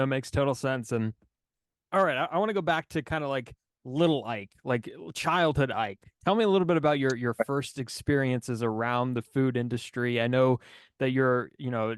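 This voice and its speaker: A man hosting a podcast interview, asking easygoing questions in a relaxed way. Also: medium pitch, clean tone, dry recording, studio quality. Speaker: podcast host. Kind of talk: casual interview chat.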